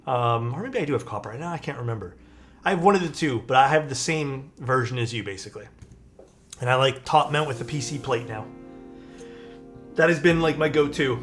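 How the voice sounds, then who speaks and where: A man chatting casually on a live stream, laid-back and low-energy, thinking aloud with fillers and restarts. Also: expressive, brisk, a bit bright, faint music behind.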